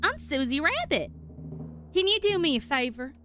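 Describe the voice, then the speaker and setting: A woman's voice: sits high, very animated, sharp tone, faint music behind, pitched above the performer's own voice, heavily acted. A woman voicing a snippy young female rabbit with a put-on country twang in a game. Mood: pushy. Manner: snippy, sulky, quick to take offense. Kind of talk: voice acting a game character.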